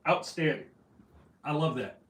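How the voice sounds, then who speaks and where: A man's voice: a little high, lively intonation, measured pace. A man hosting a casual fishing livestream, reading out viewer comments in a rambling, self-deprecating way. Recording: echoey room, voice from afar.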